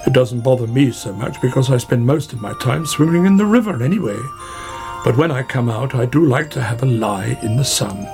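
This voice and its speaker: A talkative male otter in a storybook, played by a man reading aloud, fretting about the rain in a near-everyday voice. The voice has a gravelly edge, and music plays behind it. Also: medium pitch, expressive, fairly quick, a little mellow. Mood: worried. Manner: chatty, worried.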